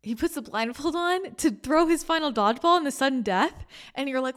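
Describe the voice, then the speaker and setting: A woman's expressive voice sits high and a bit bright, moving briskly with few pauses. Hosting a spiritual channel and podcast, she gives a casual spiritual talk that wanders and restarts often, her emotion bringing her close to tears.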